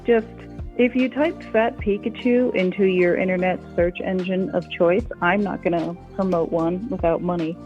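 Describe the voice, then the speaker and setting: A man's voice: high voice, fairly even intonation, normal speed, a little mellow, lo-fi sound, faint music behind. A man from New England joining a livestream, chatting casually and joking at his own expense. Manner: joking, self-deprecating, laughs a lot. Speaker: guest on stream.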